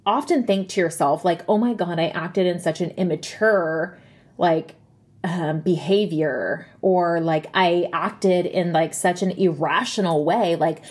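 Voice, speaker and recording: A woman's voice: lowish voice, darkish tone. A woman in her thirties telling a personal story in a rambling way, full of fillers and tag questions, her voice catching with tears. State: tearful, voice catching. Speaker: self-help speaker.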